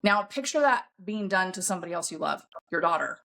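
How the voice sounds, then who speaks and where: A woman's voice: on the low side, animated, a little fast, vocal fry, bright, forceful tone. A woman talking bluntly and emphatically as a podcast guest, swearing often in a coaching tone. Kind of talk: casual podcast conversation.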